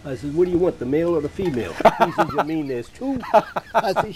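A man's voice: a little high, fast, crowd noise. An older man, a veteran entertainer, telling anecdotes in a radio interview and acting out the voices of the people he quotes. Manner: lively anecdotal storyteller, acts out quoted voices. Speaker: guest, veteran voice actor and musician.

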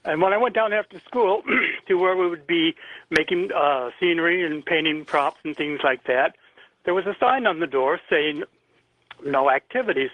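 An older man from Indiana calls in to a radio show and tells a personal story earnestly and vividly, clearing his throat now and then. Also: fairly high pitch, dry recording. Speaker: caller. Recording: tinny phone line, dry.

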